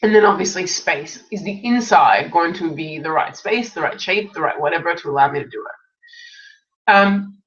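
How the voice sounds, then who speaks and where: A woman's voice: on the low side, moderate pace. Woman, nasal and stuffy, chatty webinar host, distant mic, dull lo-fi sound. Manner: chatty, many restarts and asides. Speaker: webinar host answering questions. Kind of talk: casual live Q&A advice.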